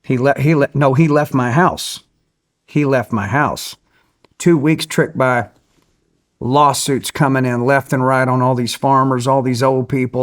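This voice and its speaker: A man, a guest in an interview, telling a story with energy and acting out other people's voices. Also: medium pitch. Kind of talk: animated storytelling.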